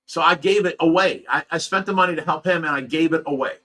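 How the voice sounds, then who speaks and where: The speaker runs a fish rescue: a middle-aged man from Ohio, USA, venting at home in an agitated, casual monologue where he stumbles over repeated words. He talks fast, with a fairly high pitch and a bright, forceful tone.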